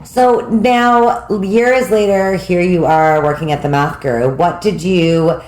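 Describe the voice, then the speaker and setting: Woman podcast host, lowish voice, asks lots of quick follow-ups, roomy echo. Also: darkish tone. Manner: curious, prompting, quick follow-up questions. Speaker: podcast host, math tutoring studio owner. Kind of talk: casual interview chat.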